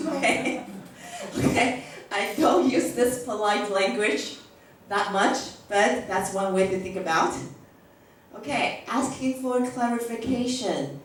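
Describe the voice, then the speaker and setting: Lady teacher trainer acting out classroom english, says okay a lot, far off mic in a boomy room with faint hiss. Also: lively intonation, unhurried. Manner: frequent checking "okay?"; acts out classroom phrases. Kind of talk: workshop lecture to teachers. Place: large echoey classroom. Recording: echoey room recorded from far off.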